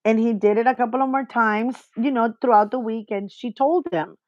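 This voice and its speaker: A woman in a casual chat telling a story, rambling with many fillers and getting animated as she retells events. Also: a little high, moderate pace, dry recording, muffled recording.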